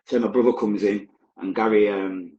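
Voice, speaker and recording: A man's voice: lowish voice, steady tone, normal speed, dark tone, roomy sound, muffled recording, slight background noise. A man, a podcast guest, recounting his past in a candid, vivid, blunt present-tense way. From Manchester, England. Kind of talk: personal storytelling.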